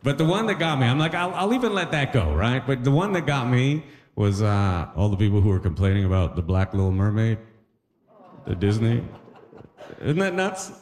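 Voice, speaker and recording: A man's voice: on the low side, expressive, normal speed, darkish tone. A man performing a stand-up comedy set, talking loosely with lots of asides. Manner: loose conversational delivery with many asides. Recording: live stage with long hall reverb.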